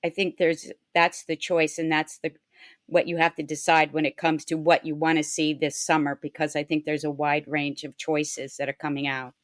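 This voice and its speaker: A woman co-hosting a casual chat, telling stories in a measured, reflective way. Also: low-pitched, little pitch movement, no room sound, clean studio sound. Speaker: co-host.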